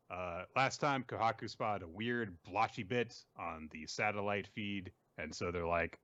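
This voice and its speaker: A man casually recapping manga chapters on a podcast, joking and putting on high voices for the characters. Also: normal speed, few pauses, fairly bright tone, dry recording, highs cut off. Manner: jokey, puts on high voices for quoted characters.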